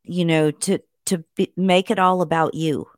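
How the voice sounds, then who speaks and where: A woman's voice: on the low side, fairly even intonation, normal speed, no echo, studio quality. A woman hosting a casual podcast conversation, agreeing emphatically with her guest. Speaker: podcast host.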